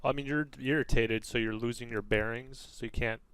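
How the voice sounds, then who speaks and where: Bright-voiced playful man bantering. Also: mid-range voice, fairly even intonation, smooth, no echo. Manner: playful, jokey, quick asides. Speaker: podcast co-host. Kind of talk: casual banter, improvised fight role-play.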